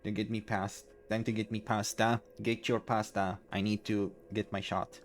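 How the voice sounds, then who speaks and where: A man streaming a video game, talking casually in a halting way with many restarts. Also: on the low side, flat delivery. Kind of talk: casual gameplay commentary. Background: faint game music.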